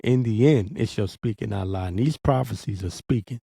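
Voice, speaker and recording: A man's voice: on the low side, normal speed, creaky, mellow, breathy edge, no room sound, studio quality. A man giving a blunt, profane, urgent warning in a preaching commentary vlog, with frequent restarts. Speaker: religious commentator.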